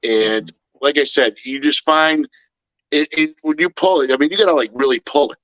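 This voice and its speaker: A man co-hosting a podcast, telling a story in casual chat with a rambling, halting way of talking. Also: fairly high pitch, a bit bright, no room sound, dull audio.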